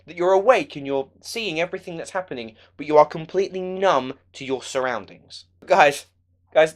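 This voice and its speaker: Sarcastic ranting young man. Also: a little high. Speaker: film reviewer. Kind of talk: ranting movie review vlog.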